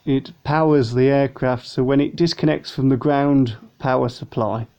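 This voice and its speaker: A man's voice: mid-range voice, steady tone, normal speed, warm tone. A man chatting casually through a model plane unboxing review, rambling and a little tired. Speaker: vlogger. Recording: dull lo-fi home recording.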